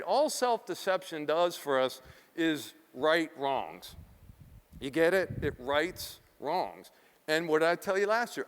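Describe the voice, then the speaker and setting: A middle-aged man from South Philadelphia delivers a keynote with lively, profane storytelling. His voice sits a little high and comes through clean and smooth. A long hall reverb trails behind him in the large venue. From South Philadelphia, USA. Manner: animated, profane, acts out quotes. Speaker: keynote speaker.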